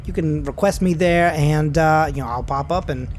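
A man voicing a chatty, eager male rideshare driver who rambles through a filler-heavy sales pitch. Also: moderate pace, slight background noise, natural voice.

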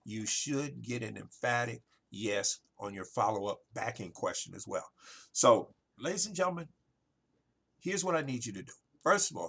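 A man hosting a solo business podcast, pitching marketing ideas in a salesy way and often addressing listeners as "ladies and gentlemen.". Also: creaky, breathy edge. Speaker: podcast host, marketing consultant.

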